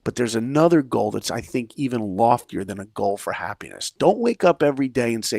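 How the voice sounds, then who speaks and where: A middle-aged man telling a story in a podcast conversation, energetic and acting out quoted lines with big shifts in pitch and loudness. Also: brisk, vocal fry, few pauses, no room sound, studio quality. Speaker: podcast guest, filmmaker and speaker.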